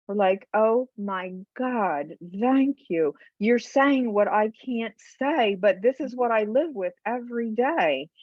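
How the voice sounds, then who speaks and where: A woman's voice: medium pitch, dry recording. A middle-aged woman, a guest on a podcast, telling her own story with feeling and acting out other people's words as she goes. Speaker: guest, bereaved mother. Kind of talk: emotional personal storytelling. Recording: dull lo-fi podcast audio.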